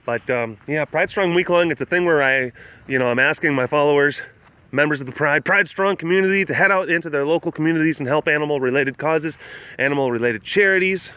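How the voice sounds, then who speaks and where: A man's voice: fairly quick, sharp tone, clean tone, no room sound. A man chatting casually on a livestream outdoors at an animal facility, reading comments and rambling with many restarts. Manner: rambling with many restarts, coos high at the cats. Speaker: animal care keeper streaming live.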